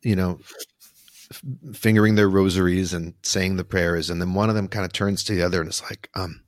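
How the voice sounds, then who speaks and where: A man with a fairly low voice talks loosely on a podcast, restarting his sentences and breaking into laughter. The sound is dry and close to the mic. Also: steady tone, brisk, dry recording. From United States. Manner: rambling, self-interrupting, laughs often. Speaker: podcast co-host. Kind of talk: casual conversation.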